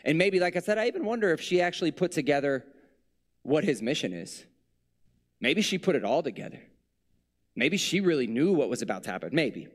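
A man's voice: on the high side, big pitch swings, fairly quick, pauses often. A male preacher giving a sermon in a conversational, reflective way, with playful asides.

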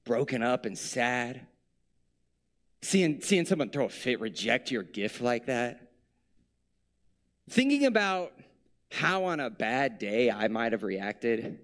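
A male preacher giving a sermon in a conversational, reflective way, with playful asides. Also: mid-range voice.

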